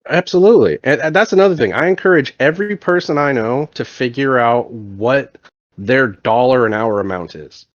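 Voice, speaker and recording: A man's voice: medium pitch, animated, normal speed, no room sound. A man chatting casually as a podcast guest, telling stories in a blunt, profane, emphatic way. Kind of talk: casual chat. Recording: dull, dry lo-fi sound.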